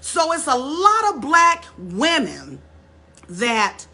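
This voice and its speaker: A woman's voice: sits high, huge pitch swings, takes it slowly, pushed and bright. A woman telling a story straight to her viewers in a casual vlog, calling them y'all, repeating words as she goes and building to emphatic points. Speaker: vlogger. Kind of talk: casual direct-to-camera storytelling.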